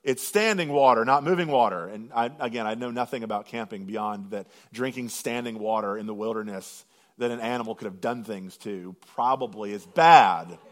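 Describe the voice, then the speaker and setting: A man preaching a sermon, swinging from loud, drawn-out proclamation to hushed intensity and slowing right down on scripture lines. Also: lowish voice, fairly even intonation. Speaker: pastor.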